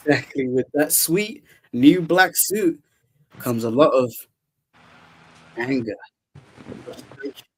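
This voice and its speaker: Speaking slowly with frequent pauses, a young man with a medium-pitched, slightly rough voice runs a casual podcast recap of a movie. He stays animated throughout, laughing often and performing lines from the film.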